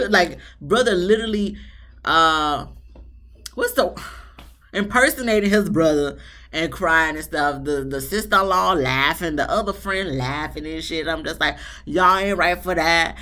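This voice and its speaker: A woman giving a casual, blunt and animated review of a reality show, sassy and full of asides. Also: fairly low pitch, measured pace.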